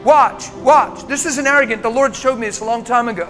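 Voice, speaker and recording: A male preacher giving an emotional sermon to a congregation, moving between loud, urgent exhortation and hushed intensity. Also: extremely high pitch, brisk, faint music behind. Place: church meeting room before a congregation.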